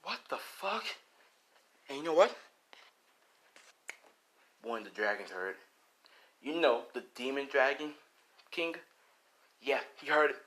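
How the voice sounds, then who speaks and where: A man improvising a fan-fiction action story, animated and profane, full of sound effects. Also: medium pitch, measured pace, pauses often.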